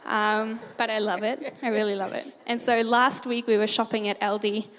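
A woman giving a church talk, animated and laughing easily as she tells stories. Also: a little high, normal speed, big-room sound. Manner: animated storyteller, laughs often. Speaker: church speaker.

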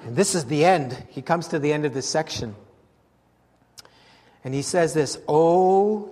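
A man with a fairly high voice delivers a sermon, reading from an old devotional book. His delivery is fervent, climbing and swelling on the exclamations. The sound carries a long reverb from a large hall. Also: lively intonation, moderate pace, long pauses, darkish tone. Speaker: preacher.

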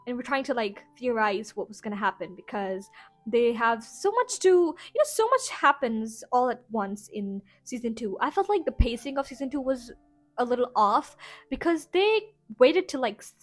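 A woman's voice: on the high side, lively intonation, moderate pace, faint music behind. A woman hosting a casual rambling review show, chatty and full of filler phrases. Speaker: podcast host.

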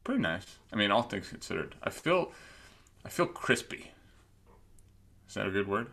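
A man's voice: on the low side, normal speed, vocal fry. A man co-hosting a podcast, chatting loosely and joking about his week and baseball. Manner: loose, joking, animated storytelling. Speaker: podcast co-host. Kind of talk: casual podcast chat.

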